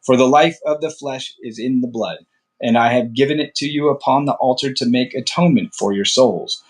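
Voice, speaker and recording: A man's voice: mid-range voice, moderate pace. Man reading scripture aloud, stumbling now and then. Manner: steady reading with occasional slips and restarts. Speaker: Bible reader.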